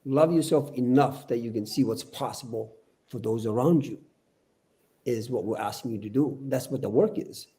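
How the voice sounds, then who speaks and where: A man's voice: mid-range voice, normal speed, dark tone. An older man speaking as a podcast guest, earnest and preachy, often repeating his words as he talks. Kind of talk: casual podcast discussion.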